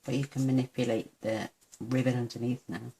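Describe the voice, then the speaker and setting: A woman's bass voice, gravelly and dark-toned, comes through briskly with fairly even intonation as she hosts a casual papercraft tutorial at her desk. She chats along while working, delights in how cute every step looks, and teases herself.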